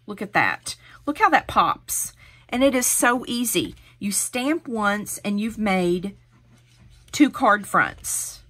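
A woman's voice: mid-range voice, big pitch swings, slow pace, fairly bright tone. Host, female, middle-aged: chatty, encouraging craft demonstrator, step-by-step delivery.

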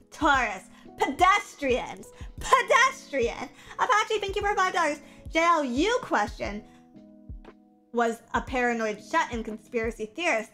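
A young adult woman livestreamer chatting casually, reading viewer comments aloud and reacting in an animated, profane, self-mocking way. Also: on the high side.

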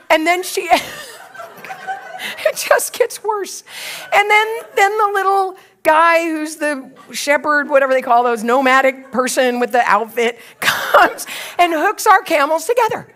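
A woman's voice: very high voice, very animated, a little slow, a bit bright, a faint crowd. A woman in her sixties, a pastor, telling a funny story in a sermon and acting out her own part with laughter. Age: 60s.

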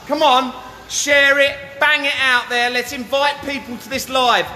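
A man running a live-stream sales pitch from a showroom. He drives the viewers on, shouting out calls to join in. His voice is high and bright, and it echoes through the room over background music. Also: normal speed. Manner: pushy, hyped, calls out to viewers, keeps asking "yeah?". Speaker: hot tub dealer hosting a giveaway livestream.

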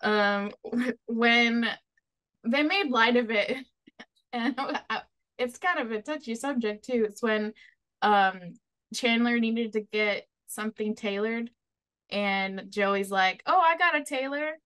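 A woman's voice: on the high side, a bit bright. A woman co-hosting a podcast in casual chat, reading statements aloud and laughing along. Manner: reads statements aloud, quick laughs, agreeable. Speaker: podcast co-host.

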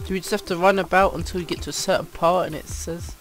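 A man's voice: high-pitched, flat delivery, fast, fairly bright tone, faint music behind. A man giving casual let's play commentary at his computer, rambling and flustered, with lots of ums. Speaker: gamer.

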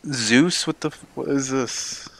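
A man's voice: mid-range voice, a little slow, vocal fry. A young man streaming a military game, chatting casually, bemused and swearing freely. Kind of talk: casual gaming chat.

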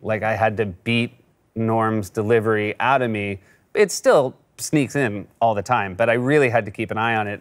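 A male comedian measuredly and fondly telling an anecdote in an interview. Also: lowish voice.

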